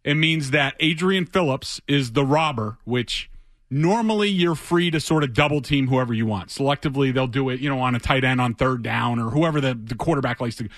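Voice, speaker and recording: A man's voice: mid-range voice, a little fast, fairly bright tone, no room sound. A man, a football reporter appearing as a guest in a radio studio, explaining plays in careful detail in a casual way. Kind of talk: sports radio talk.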